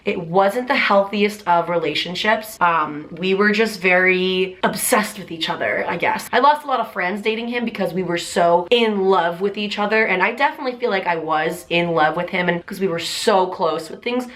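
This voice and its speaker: A woman's voice: lowish voice, moderate pace, hardly any pauses, fairly bright tone. A young woman YouTuber chatting casually to camera in a Q&A vlog, bubbly and chatty with lots of "like".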